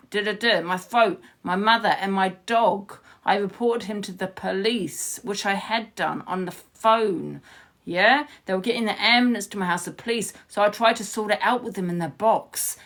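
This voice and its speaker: Woman, livestreamer, heated rant to viewers, swears freely, gravelly edge, phone mic. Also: mid-range voice, a bit bright. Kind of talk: ranting live stream to viewers.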